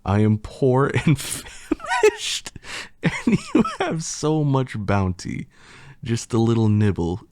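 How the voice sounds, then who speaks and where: A man's voice: mid-range voice, wildly swooping pitch, slow, a little mellow, no room sound, studio quality, voice pushed up. A man voicing a hungry little male mouse who begs politely in old-fashioned words, read from a storybook poem. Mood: pleading.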